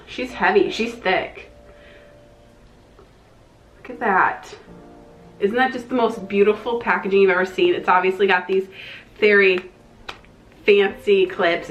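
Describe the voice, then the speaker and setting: A young woman with a twang, gushing excitedly as she reviews a makeup palette in a casual vlog. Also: medium pitch, roomy sound, lo-fi sound. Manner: gushing, excitable, slangy, with breathy exclamations. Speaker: beauty vlogger.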